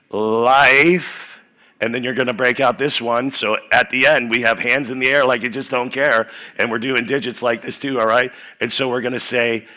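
Bright-voiced man preaching to a youth rally. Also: medium pitch. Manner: energetic, playful, leads chants. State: voice a bit worn. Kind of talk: sermon with crowd call-and-response.

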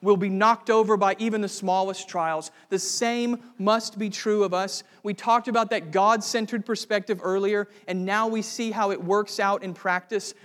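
Man, high voice, preaching, earnest, fervent emphasis, echoing church sanctuary. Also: steady tone, normal speed, few pauses, a bit bright. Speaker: pastor. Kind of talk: sermon.

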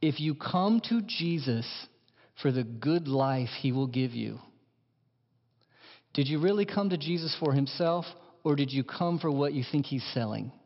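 A man preaching a sermon as pastor, impassioned, dropping to hushed lines and rising to emphatic ones. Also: fairly high pitch, lively intonation, measured pace. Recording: dull sound in a large reverberant hall.

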